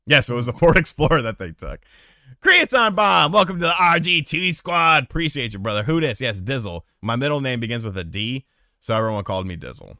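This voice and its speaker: A man's voice: a little high, normal speed, no echo, studio quality. A man hosting a podcast aftershow, telling a profane story in casual chat and answering viewers. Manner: animated, profane anecdote telling, reads live chat.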